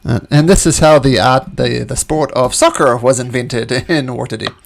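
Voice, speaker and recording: Gravelly-voiced man running a game. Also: medium pitch, normal speed, slight background noise. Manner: chatty, laughs often, restarts. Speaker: game master. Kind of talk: narrating a tabletop game.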